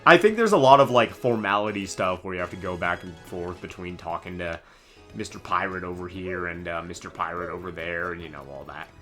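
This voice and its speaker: A man's voice: low voice, a little fast, fairly bright tone, soft background music. A young man giving casual, joking live commentary on a video game in a goofy, slangy way. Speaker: gaming streamer.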